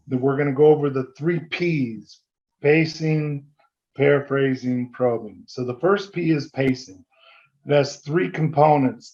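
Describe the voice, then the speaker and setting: Brisk man leading a sales training talk. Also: mid-range voice, darkish tone, lo-fi sound. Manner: brisk, conversational, acts out sample dialogue. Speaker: business communication trainer. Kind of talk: seminar presentation.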